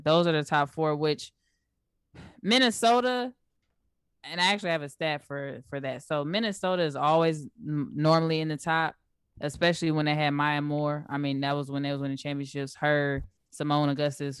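A young woman with a low, smooth voice co-hosts a casual sports talk show. She laughs often and runs through stats in easy, slangy talk. The sound is dry and close. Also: moderate pace, no echo. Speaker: co-host.

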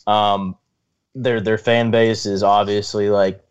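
A man co-hosting a casual podcast, teasing his friends and giving quick sports takes. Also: lowish voice, flat delivery, clean tone. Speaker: podcast co-host. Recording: dull lo-fi audio.

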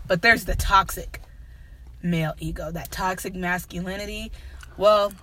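A woman's voice: fairly low pitch, fairly even intonation, unhurried, pushed and bright. Brash swearing young woman co-host. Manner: brash, swearing, joking threats. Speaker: podcast co-host. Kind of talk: casual podcast chat.

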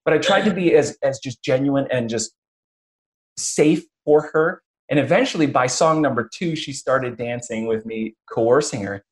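A man hosting a casual interview who tells stories with energy. He slips into other people's voices as he retells what they said, with quick restarts and plenty of "you know.". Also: mid-range voice. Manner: animated storyteller, acts out quotes. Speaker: podcast host.

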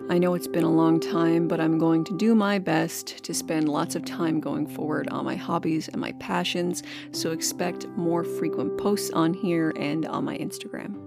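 A woman's voice: sits low, fairly even intonation, normal speed, vocal fry, few pauses, over music. A woman hosting a podcast, talking in a casual monologue, earnest and encouraging and swearing casually. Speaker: podcast host.

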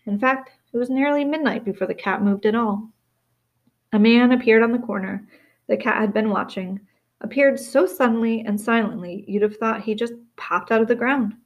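A woman reading a novel aloud in steady storytelling, with small slips and restarts. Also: on the high side, normal speed, dull audio. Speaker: reader.

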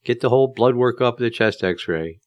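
A man's voice: mid-range voice, normal speed, darkish tone, dry recording, highs cut off. A man giving casual, emphatic advice to drivers, telling stories in a plain-spoken way with plenty of fillers.

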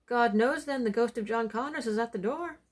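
A woman's voice: a little high, brisk, pitched above the performer's own voice, lightly acted. A woman voicing a frightened, simple young servant boy who speaks urgently. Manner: urgent, pleading.

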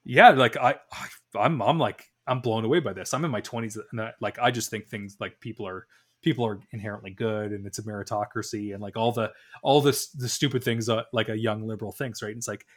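A man's voice: lowish voice, fairly quick. A man in his thirties co-hosting a podcast, telling a long story with many restarts and acted-out dialogue. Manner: rambling anecdotal storytelling with many restarts and animated quoted dialogue. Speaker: podcast co-host. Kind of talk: casual podcast chat.

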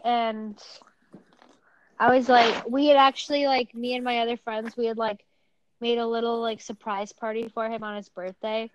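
A young woman with a fairly high voice chats softly as a co-host, her sentences often trailing off into "like." Her audio is dull and muffled, yet dry and close. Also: flat delivery, moderate pace, smooth, no room sound. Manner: soft-spoken, trailing off, lots of "like". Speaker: podcast co-host. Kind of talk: casual chat.

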